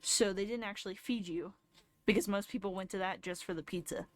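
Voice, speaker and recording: A woman's voice: mid-range voice, a little fast. A woman in her twenties, a streamer, telling a long casual story with lots of fillers and self-corrections. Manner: rambling, lots of fillers and restarts.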